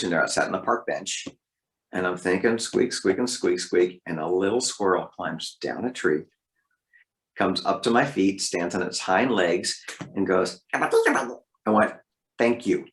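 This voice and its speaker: A man who works as a voice actor, telling stories from his career as an interview guest, lively and leaping up in pitch for emphasis. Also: normal speed. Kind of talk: interview storytelling. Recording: roomy echo.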